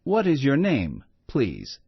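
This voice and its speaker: A man reading aloud voices a friendly immigrant mother who speaks simple, halting English. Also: medium pitch, wildly swooping pitch, husky, no room sound, voice pushed up, full character voice. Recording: muffled lo-fi recording.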